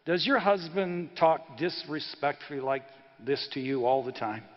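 Pastor doing a polite formal cop, echoey hall. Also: male voice, on the high side, lively intonation, measured pace. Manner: formal, matter-of-fact. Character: polite, businesslike male police officer. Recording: reverberant church hall, dull sound.

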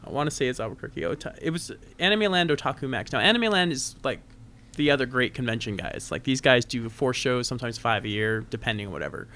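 A man telling convention stories on a casual podcast, animated and often laughing. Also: mid-range voice, fast. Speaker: convention guest. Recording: noisy podcast recording.

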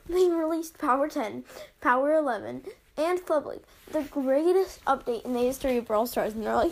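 A woman's voice: high-pitched, animated, moderate pace, long pauses. A young woman hosting a casual solo podcast, reading out listener reviews in a rambling, giggly way with plenty of ums. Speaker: podcast host.

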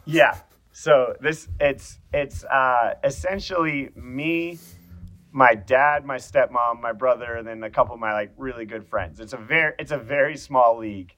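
A man's voice: mid-range voice, a little slow, a bit bright. New zealand guy rambling on a podcast, jokey and self-deprecating, keeps restarting his sentences. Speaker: podcast guest. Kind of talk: casual podcast chat.

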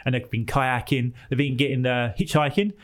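A man's voice: medium pitch, steady tone, moderate pace. A British man co-hosting a podcast, casually recommending shows and channels with enthusiasm. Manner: enthusiastic recommender, explains at length. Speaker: podcast co-host. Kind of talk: casual chat.

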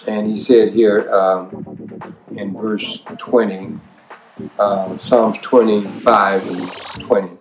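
A man's voice: fairly low pitch, reverberant. A man preaching at an evening Bible study, reading scripture aloud and repeating lines for emphasis. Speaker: pastor.

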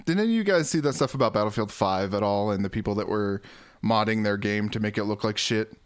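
A man's voice: on the low side, fast, clear, resonant tone, no echo. Man, podcast host, casual gaming talk, laid-back, dry close sound. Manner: laid-back, leads topics, laughs often.

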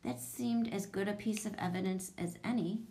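A woman narrating a children's chapter book in a steady, even storytelling voice. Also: mid-range voice, moderate pace. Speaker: audiobook reader.

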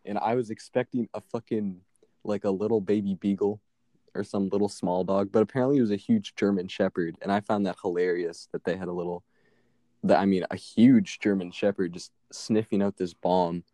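A man's voice: low voice, fairly even intonation, fairly quick, dark tone, no room sound, studio quality. A young man casually telling a long, profane story as a podcast co-host, laughing now and then.

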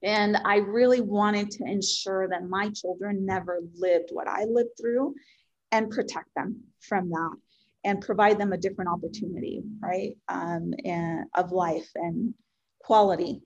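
Woman, 40s, Spanish her first language, mid pitch; interview guest telling her own story, earnest and heartfelt, lots of ums and pauses. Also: steady tone, highs cut off. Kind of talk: personal life story in conversation.

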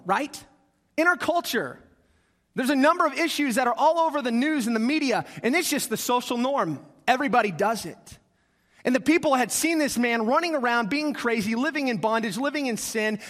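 A man preaching a sermon, telling a story with acted-out voices and calls to the congregation. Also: very high-pitched. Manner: animated, acts out quoted voices, asks the congregation. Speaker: pastor. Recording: long reverb of a large hall.

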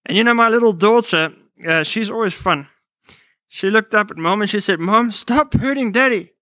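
A man's voice: high-pitched, moderate pace, sharp tone, no echo. A man preaching a sermon, telling personal stories and quoting scripture, with frequent restarts and fillers.

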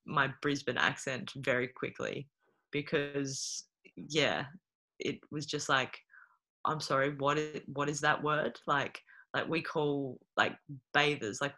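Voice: medium pitch, sharp tone. A speaker with an Australian accent in casual podcast chat, who rambles with many fillers and laughs often.

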